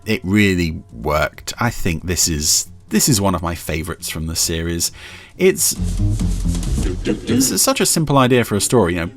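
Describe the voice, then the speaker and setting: A man's voice: lowish voice, gravelly. A man hosting a podcast, chatting through an episode review with hesitant restarts and fillers. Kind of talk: casual review chat.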